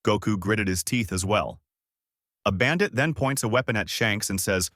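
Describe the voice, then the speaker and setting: A man's voice: on the low side, normal speed, dry recording. A man narrating a fan-made story for his channel in a casual storytelling voice, close to the mic. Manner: lively storytelling.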